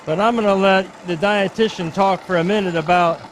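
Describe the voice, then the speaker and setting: High-voiced upbeat chef demonstrating. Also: male voice, fairly even intonation, normal speed, slight background noise. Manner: upbeat and chatty, explaining each step. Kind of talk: live cooking demonstration.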